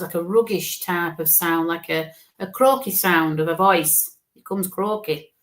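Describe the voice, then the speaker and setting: A woman with a lilt gives a live psychic reading in a soft, reassuring manner. She keeps checking in with a gentle "okay?" as she passes on messages. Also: medium pitch. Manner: gentle, reassuring, often ends phrases with "okay?". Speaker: psychic medium.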